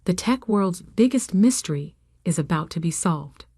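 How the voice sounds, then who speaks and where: A woman's voice: lowish voice, animated, normal speed, mellow, breathy edge, no echo, clean studio sound. A woman reading the lines of a formal male television news anchor. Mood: announcing. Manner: announcing, formal.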